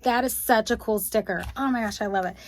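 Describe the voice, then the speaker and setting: Woman host, gushing, excitable unboxing chatter, voice pitched a touch high. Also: brisk. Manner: gushing, exclaims often, addresses viewers as you guys. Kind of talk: excited casual unboxing chat. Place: home room.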